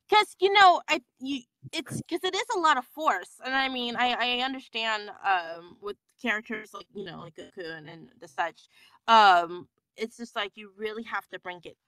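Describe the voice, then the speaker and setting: A woman who voices characters, chatting as a podcast guest in an animated way, with frequent laughs and stop-start sentences. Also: a little high, moderate pace, no echo. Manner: animated, laughing, trailing restarts. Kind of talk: casual interview chat.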